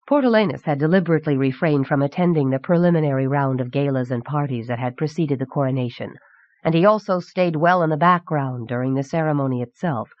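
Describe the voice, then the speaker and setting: A woman reading a fantasy novel aloud as an audiobook narrator, in a measured, even manner, on a dull, dry old cassette recording. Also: deep voice, no echo. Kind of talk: scripted narration.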